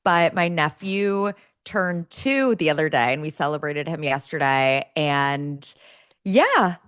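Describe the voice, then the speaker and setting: A woman's voice: low voice, animated, takes it slowly, a bit bright, clean tone, no echo, clean studio sound. A woman co-hosting a podcast, upbeat and playful, laughing often in casual chat. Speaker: podcast co-host.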